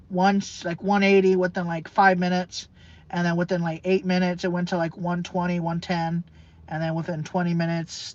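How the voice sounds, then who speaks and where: A man's voice: high voice, a bit bright, no echo. A man telling a personal story in a rambling way, repeating himself and often restarting his sentences. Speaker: vlogger. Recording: dull, dry lo-fi recording.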